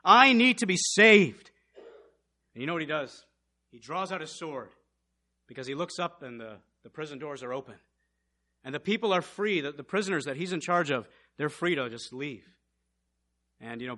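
A man preaching a sermon, swinging from loud passionate outbursts to hushed, intense storytelling. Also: medium pitch.

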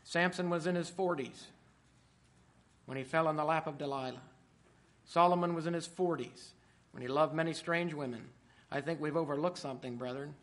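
Bright-voiced preacher man, soaring then hushed. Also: a little high, normal speed, pauses often. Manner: swings from quiet asides to loud emphatic peaks. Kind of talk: sermon.

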